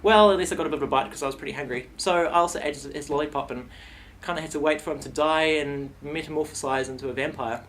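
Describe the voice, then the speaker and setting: Young male vlogger; loose, playful comic storytelling with a somewhat high pitch. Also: fast, few pauses, a little hiss or hum. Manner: rambling, playful, animated retelling.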